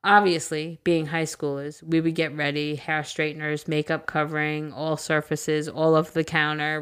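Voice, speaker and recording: A woman podcast co-host reading a listener's story aloud in a casual, animated way, with crude humor and bursts of laughter. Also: low voice, clean tone.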